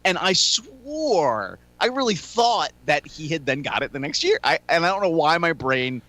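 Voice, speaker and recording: A man co-hosting a casual sports talk radio show, telling stories quickly and animatedly and correcting himself as he goes. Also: fairly high pitch, big pitch swings, sharp tone, dry recording.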